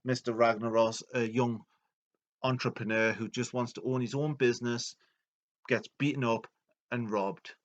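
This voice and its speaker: A man retelling video game lore as a comedy, rambling and deadpan with many fillers. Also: medium pitch, normal speed, muffled recording.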